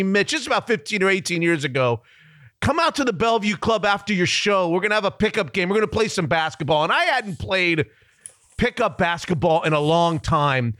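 A man hosting a sports podcast, telling a story in a casual, animated way and laughing at himself. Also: sits high, no echo, studio quality. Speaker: sports radio host.

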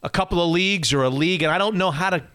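Animated man co-hosting a podcast. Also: very fast, clean tone. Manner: animated, rising high when venting. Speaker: podcast co-host. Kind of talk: casual chat.

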